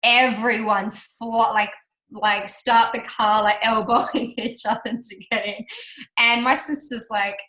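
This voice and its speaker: A woman telling a personal story to an audience, chatty and animated, laughing often and acting out what people said. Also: fairly high pitch, a little slow. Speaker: speaker sharing her business success story. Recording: roomy hall reverb.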